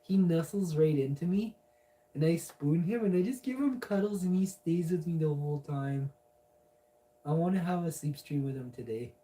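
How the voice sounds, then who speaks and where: A man's voice: a little high, normal speed, dark tone. Goofy guy streaming, rambly baby talk, mic kinda distant. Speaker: live streamer. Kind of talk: casual livestream chat.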